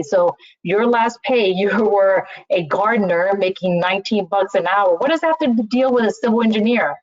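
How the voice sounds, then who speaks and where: In a webinar on interview skills, a female recruiter talks casually, frequently saying "you know" and restarting sentences. Her voice is medium in pitch, her pace moderate with few pauses. The video-call audio is dry and slightly muffled, with no room sound.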